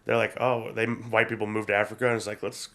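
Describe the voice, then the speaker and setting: Male podcast co-host, gravelly, rambling and crude, casual banter. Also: fairly low pitch, little pitch movement, fast, a bit bright. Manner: rambling, crude, frequent fillers. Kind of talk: casual chat.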